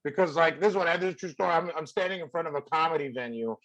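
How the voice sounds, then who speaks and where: Podcast host, man from Mexico: slightly high voice, blunt, laughs a lot, chatty filler-heavy delivery. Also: rapid-fire, a bit bright, no echo, low-quality recording. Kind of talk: casual chat.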